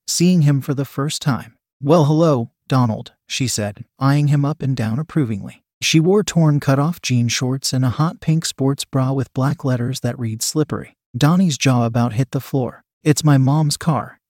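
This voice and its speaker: A young man narrating a first-person story in a steady, plain delivery. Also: medium pitch, normal speed, few pauses, no room sound, clean studio sound.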